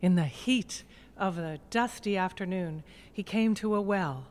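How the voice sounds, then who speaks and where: Slow, lyrical woman storyteller. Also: mid-range voice. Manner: lyrical, expressive. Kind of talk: dramatic folk tale narration. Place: museum gallery.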